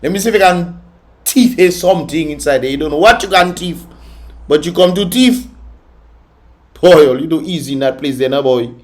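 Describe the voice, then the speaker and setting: A man's voice: on the high side, moderate pace, pauses often, darkish tone. Male vlog host, raised voice, scolding reaction commentary. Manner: scolding, mocking and laughing often.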